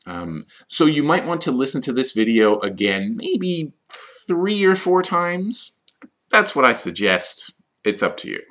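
Low-voiced guy explaining vocab slowly for esl learners, goes over words again. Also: a bit bright. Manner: slow, explanatory, repeats key words. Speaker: ESL teacher. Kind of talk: vocabulary lesson.

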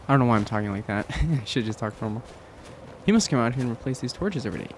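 A man's voice: mid-range voice, animated, rapid-fire, a little hiss or hum. Chatty man narrating gameplay. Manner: jokey, chatty, talks to the game characters. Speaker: gamer playing through a game. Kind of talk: let's play commentary. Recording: game music playing underneath. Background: game music.

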